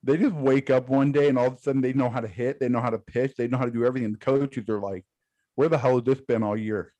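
A man's voice: medium pitch, steady tone, rapid-fire, dark tone, no echo. A man co-hosting a casual sports podcast, blunt and given to swearing and repeating words. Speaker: podcast co-host.

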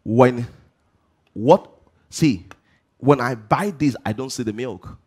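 A man's voice: medium pitch, expressive, takes it slowly, breathy edge. A man preaching a sermon to a congregation. He asks rhetorical questions and answers them himself, with emphatic rising delivery.

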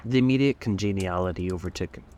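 A man narrating a classic novel aloud in a steady, measured way. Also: low voice. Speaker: audiobook narrator.

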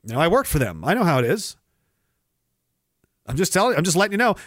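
Recorded at studio quality without echo, this livestream host has a fairly bright voice. He goes on sarcastic, swear-heavy, wandering rants and imitates others in high, mocking voices.

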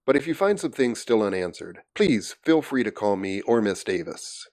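A man voicing a guarded, smooth millionaire who owns a snake park, answering politely but evasively. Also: lowish voice, big pitch swings, normal speed, a little mellow, no echo, clean studio sound.

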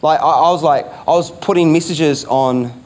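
Emphatic New pastor, higher voice. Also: male voice, normal speed, darkish tone. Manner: emphatic, repeats key phrases, rhetorical questions. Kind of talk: sermon.

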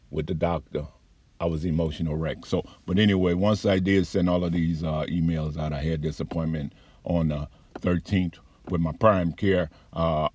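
A man's voice: deep voice, a little mellow, breathy edge, no room sound. A man giving a heated, profane, rambling account of his complaints as a patient. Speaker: patient telling his story. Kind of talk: angry personal account.

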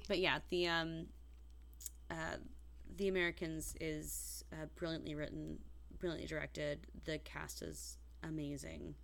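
A woman co-hosting a podcast in casual chat, giggly and animated, often acting out quoted lines. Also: low-pitched, a little slow, creaky. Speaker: podcast co-host.

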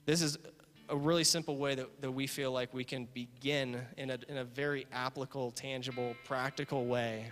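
A man preaching as a pastor, earnest and repetitive, building to emphatic points and closing in prayer. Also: mid-range voice. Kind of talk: sermon. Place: church sanctuary. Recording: reverberant hall with soft guitar.

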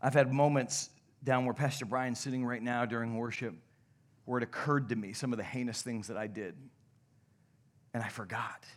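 A young adult male pastor preaching a sermon, telling stories animatedly and dropping to a hush at points. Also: medium pitch, moderate pace. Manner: animated, shouts and laughs in stories, drops to a hush. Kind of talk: sermon with storytelling. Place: church sanctuary.

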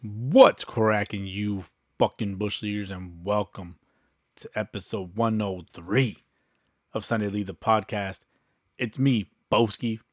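A man's voice: lowish voice, measured pace, no room sound. A young adult man hosting a casual solo podcast, talking loose and profane with lots of fillers into a close mic. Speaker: podcast host.

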